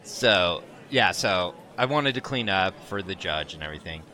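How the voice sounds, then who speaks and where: Bright-voiced man telling a story. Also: low voice, moderate pace. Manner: animated, laughing storyteller. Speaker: podcast co-host. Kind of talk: casual storytelling chat.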